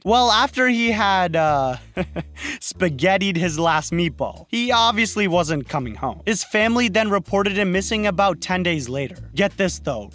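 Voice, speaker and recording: A man with a high voice tells true-crime stories for an online video. He tosses in irreverent, jokey asides and trips over his words now and then. His pitch jumps up and down a lot as he goes. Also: fairly bright tone. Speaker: YouTube true-crime narrator. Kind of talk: comedic true-crime narration.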